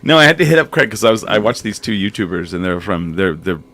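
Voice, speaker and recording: Deep voiced guy hosting a podcast, rambly stories, laughs a lot. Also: big pitch swings, quick pace, bright, forceful tone. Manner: laughing, storytelling, reads audience chat. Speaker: podcast host. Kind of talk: casual chat.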